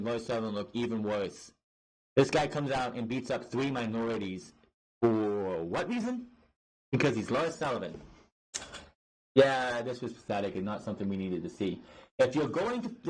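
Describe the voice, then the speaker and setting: A man ranting through a wrestling review with a husky, slightly breathy voice. He sounds exasperated and swears freely, tripping over his words and restarting sentences as he goes. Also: mid-range voice, rough recording. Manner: exasperated, profane, rambling with restarts. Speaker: podcast host reviewing wrestling.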